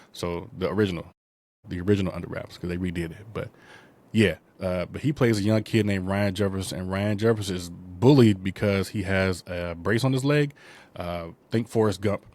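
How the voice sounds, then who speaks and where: A slightly mellow, low male voice belongs to the host of a casual movie review podcast. Rambling through the storyline, he fills it with asides and filler words and briefly imitates characters.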